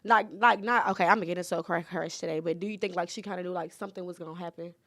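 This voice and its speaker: Podcast host: woman, chatty and animated, quick delivery. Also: lowish voice. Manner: chatty, animated questioning with slang. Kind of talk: casual interview chat.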